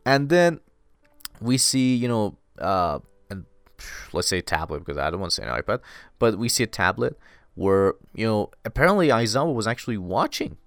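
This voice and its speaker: A man casually recapping an anime episode, excitable and full of "you know" fillers. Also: on the low side, moderate pace, dry recording.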